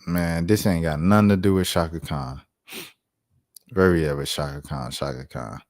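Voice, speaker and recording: A man hosting a live stream and chatting casually, reacting to news in loose slang and thinking out loud. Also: rumbling low, steady tone, normal speed. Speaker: streamer host.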